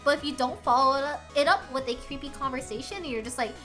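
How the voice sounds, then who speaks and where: A woman's voice: high-pitched, fast talker, sharp tone, soft background music. An American woman chatting casually on a live stream, giggly and rambling, laughing often. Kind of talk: casual chat.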